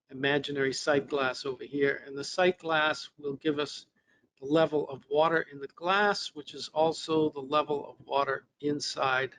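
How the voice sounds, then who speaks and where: A man's voice: a little high, fairly bright tone, a little hiss or hum. A man presenting a technical webinar lesson, explaining step by step with fillers and restarts, his voice a little worn. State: losing his voice.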